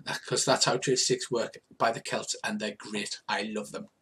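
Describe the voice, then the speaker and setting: A man's voice: lowish voice, little pitch movement, moderate pace, pushed and bright, a little hiss or hum. An older man narrating a tabletop roleplaying game as game master, rambling and hesitant with many fillers.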